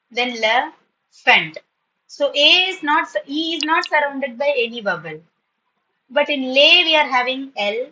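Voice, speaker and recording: Female teacher, bright and a bit high, patient, stretching each word to model it. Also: lo-fi sound, a little hiss or hum. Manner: patient, repeats words slowly to model pronunciation. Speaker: spoken English teacher. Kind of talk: online class for school students.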